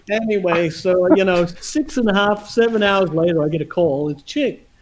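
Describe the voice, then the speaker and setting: A man telling a story in casual chat over a video call, animated and laughing often as he acts out dialogue. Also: sits high, moderate pace, slight background noise, rough recording.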